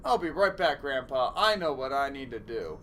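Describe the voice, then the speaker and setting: A man voicing a brash, defiant teenage girl in a game, shouting her lines. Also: mid-range voice, sing-song, normal speed, a little hiss or hum. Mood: earnest. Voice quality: loud, shouting.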